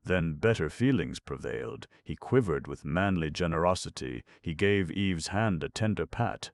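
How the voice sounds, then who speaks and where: Man reading an audiobook, deep gravelly voice, lively ups and downs, dry close sound. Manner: expressive, measured storytelling. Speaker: audiobook narrator. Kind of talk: scripted narration.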